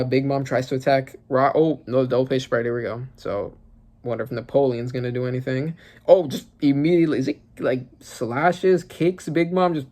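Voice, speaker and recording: Brief: male reaction host, mid-pitched, casual and excitable, rambles with fillers, bursts into loud cursing exclamations. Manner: excitable, exclaiming, swears freely. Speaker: manga reaction channel host.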